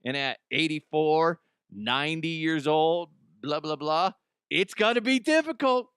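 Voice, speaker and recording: A man's voice: on the high side, expressive, unhurried, fairly bright tone, smooth, dry recording, studio quality. A man hosting a comedic news show, rambling bluntly through headlines, swearing and laughing at his own jokes. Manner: casual, blunt, frequent restarts. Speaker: host.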